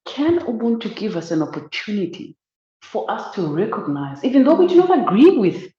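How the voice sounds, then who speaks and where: A woman's voice: mid-range voice, normal speed, roomy sound, dull audio. A woman from Zimbabwe, an academic guest telling a story in conversation and acting out the voices of the people in it. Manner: animated, acts out quoted voices.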